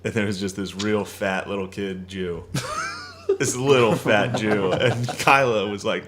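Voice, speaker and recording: A man's voice: lowish voice, normal speed. A man co-hosting a podcast, telling crude stories in casual chat and laughing often, with crowd noise behind. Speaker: podcast co-host.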